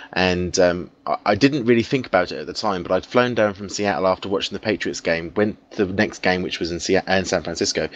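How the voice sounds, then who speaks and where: Low-voiced English man, lo-fi sound. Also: fairly bright tone. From England. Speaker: podcast panelist. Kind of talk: casual chat. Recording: dull lo-fi audio.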